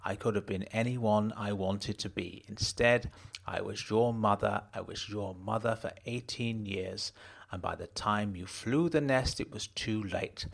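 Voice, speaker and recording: A man reading an audiobook, voicing a bitter, resentful middle-aged mother in a flat, cutting, quiet voice. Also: fairly low pitch, unhurried, creaky. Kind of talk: audiobook narration.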